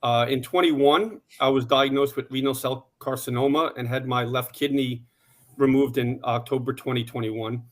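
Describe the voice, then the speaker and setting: A man in his forties telling his personal story on a panel in a steady, plain way, with some "uh" fillers. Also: medium pitch, normal speed. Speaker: conference panelist.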